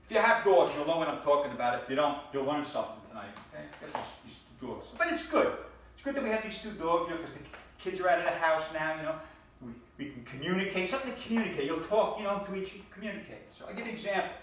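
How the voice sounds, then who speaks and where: A man's voice: fairly high pitch, lively intonation, fast, fairly bright tone. A middle-aged man doing a stand-up routine, telling his story in an exasperated way and stumbling over repeated words. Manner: stammering repetitions, exasperated storytelling. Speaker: stand-up comedian. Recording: echoey room from far off, faint noise.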